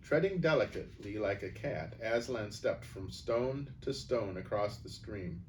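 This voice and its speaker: A man reading a children's novel aloud, expressive and changing his voice for the characters. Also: on the low side, measured pace, far from the mic, slight background noise. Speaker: storyteller.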